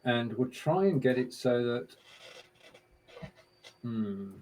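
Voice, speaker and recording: A man's voice: medium pitch, lively intonation, slow pace, a little mellow, low-quality recording. A man co-hosting a casual live-stream show, chatting in a friendly, upbeat way as he runs a quiz and mutters to himself while working the screen share.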